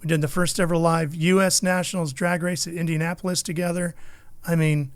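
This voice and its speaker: High-voiced, animated storytelling man. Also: brisk, no room sound. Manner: lively anecdotal storyteller, acts out the people in his stories. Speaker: motorsports broadcaster, guest. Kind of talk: animated storytelling in a podcast interview.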